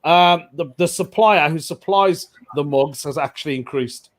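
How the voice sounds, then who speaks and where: A man's voice: fairly high pitch, unhurried. A man hosting a casual online pun contest, cheery and giggly as he calls on contestants in turn. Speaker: host. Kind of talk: casual online comedy show.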